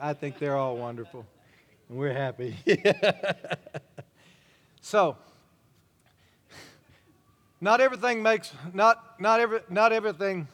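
An older pastor preaches in a folksy, storytelling manner. His voice sits high for a man. A long reverb from the hall trails each phrase. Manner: folksy, warm-hearted storytelling with chuckles. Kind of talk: sermon.

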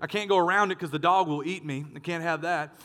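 A male pastor preaching a sermon, telling a story with lively acted-out voices. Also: fairly high pitch, fast, long reverb tail. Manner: animated storyteller, acts out dialogue.

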